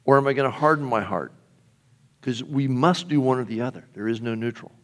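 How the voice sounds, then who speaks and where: A man's voice: medium pitch, fairly quick, fairly bright tone. A middle-aged male pastor preaching a sermon in a conversational way, often asking the congregation questions.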